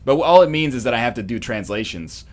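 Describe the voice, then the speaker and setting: A man's voice: medium pitch, fast. A Canadian man hosting a let's play, chatting in a rambling, jokey way while he games. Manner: rambling, jokey, animated storytelling. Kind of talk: casual gaming commentary.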